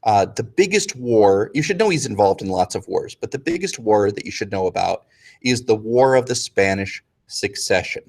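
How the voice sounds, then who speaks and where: A man with a lowish voice leads a casual history review lesson, joking with his students. He slips into quick, slangy voices when playing historical figures.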